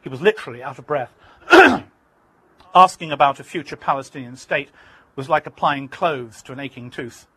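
A man's voice: fairly high pitch, lively intonation, normal speed, bright, forceful tone, slightly rough, dry recording, poor audio. A man from Britain, an author giving an emphatic, vivid reading from his own memoir.

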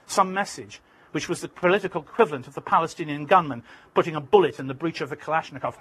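A man's voice: on the high side, fast, fairly bright tone, slightly rough, rough recording. A man from Britain, an author giving an emphatic, vivid reading from his own memoir.

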